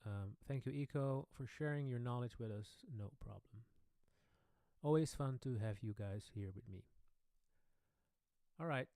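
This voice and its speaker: A man hosting a casual live-stream Q&A, chatting with viewers in slightly non-native English and often trailing off softly. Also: mid-range voice, measured pace, gravelly, pauses often, no room sound. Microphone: studio microphone.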